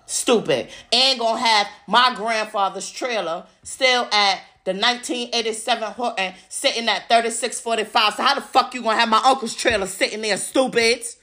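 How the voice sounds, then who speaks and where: In a fairly high, pushed and bright voice at a moderate pace, a female podcast host delivers an angry ranting monologue with barely a pause. She's profane and mocking, repeatedly hurling the same insults at her opponents.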